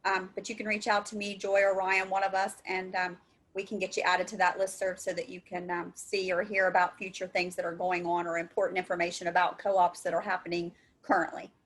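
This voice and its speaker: A woman's voice: on the low side, little pitch movement, a little fast, fairly bright tone. A woman on a webinar call, talking casually about her co-op center's work with many fillers and restarts. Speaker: co-op center staff, building a database. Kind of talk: webinar discussion. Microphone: video call.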